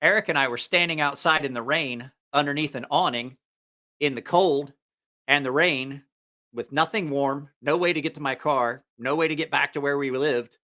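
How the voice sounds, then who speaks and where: A man's voice: a little high, moderate pace, bright, forceful tone. A man hosting a live stream, telling a rambling, profane story in a casual way and laughing at his own jokes.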